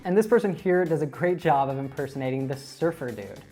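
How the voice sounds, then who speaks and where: A woman narrating a scripted lesson on American accents in a clear, upbeat, explanatory way. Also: low-pitched, brisk, over music. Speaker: accent teacher.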